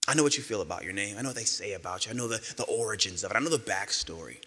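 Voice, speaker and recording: A man voicing God as a tender, intimate male figure who speaks low and hushed, close to a whisper. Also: expressive, rapid-fire, breathy edge, in a large hall, exaggerated voice.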